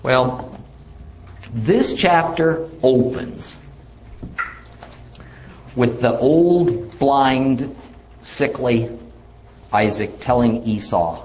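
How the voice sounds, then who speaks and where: A man teaching a Bible lesson, reading the scripture verse by verse in a measured, deliberate way before explaining it. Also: medium pitch, a little mellow, low-quality recording.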